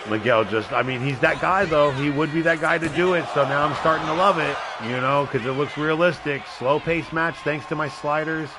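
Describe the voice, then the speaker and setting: A man with a nasal voice hosting a live wrestling video game stream, giving excitable, rambling play-by-play and chatting to his viewers. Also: fairly high pitch, normal speed, few pauses, heavy background noise. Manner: excitable, rambling, talks to a chat member by name. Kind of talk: casual live gameplay commentary.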